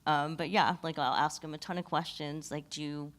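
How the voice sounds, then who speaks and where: Female panelist, low register, relaxed and giggly storyteller. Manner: laughing, easygoing, fast asides. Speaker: actor panelist. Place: convention panel stage.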